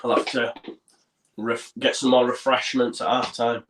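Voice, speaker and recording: A man's voice: mid-range voice, little pitch movement, normal speed, noisy background. A man co-hosting a football fan watchalong, chatting casually and calling the play as it happens. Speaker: co-host of a fan watchalong stream. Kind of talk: casual live match chat with commentary. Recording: roomy echo.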